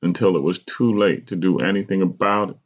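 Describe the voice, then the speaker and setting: A man's voice: deep voice, fairly even intonation, brisk, muffled recording. A man voicing a regretful mother who recounts a painful youth, speaking in a raised, strained voice. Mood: pained. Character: pained, regretful mother recalling a hard youth.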